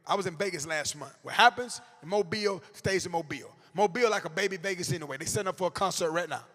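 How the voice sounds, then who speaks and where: A man in his forties delivers a comedic talk to a crowd of teachers, full of animated storytelling and sudden shouted bursts. His voice sits very high and sounds bright and forceful. A long hall reverb trails behind each line. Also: quick pace. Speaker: motivational comedic speaker. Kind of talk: comedic keynote to educators. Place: large hall before a live audience.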